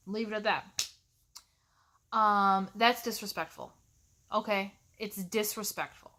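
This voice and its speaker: Exasperated woman teacher venting on camera, sharp bright tone, sarcastic edge. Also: mid-range voice. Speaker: college instructor. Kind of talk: ranting vlog to camera.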